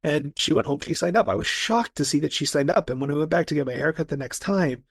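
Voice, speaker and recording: Husky-voiced, enthusiastic man guest. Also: on the high side, fast, no echo. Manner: eager, enthusiastic storyteller with many restarts. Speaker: guest, personality coach. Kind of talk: casual podcast conversation.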